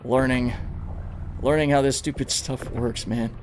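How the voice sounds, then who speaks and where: A man livestreaming a video game, giving excitable, casual commentary, swearing freely and talking to his chat. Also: mid-range voice, a little slow, a little hiss or hum. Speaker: gaming livestreamer.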